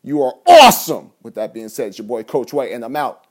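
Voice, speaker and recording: A man hosting a solo podcast, telling a story with lively mimicked sound effects and ending with a motivational send-off. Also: lowish voice, quick pace. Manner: motivational sign-off. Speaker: podcast host.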